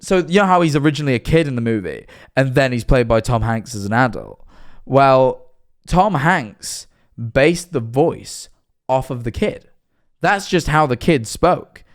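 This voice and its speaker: A young man, chatting and joking with viewers during a live-stream reaction. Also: mid-range voice.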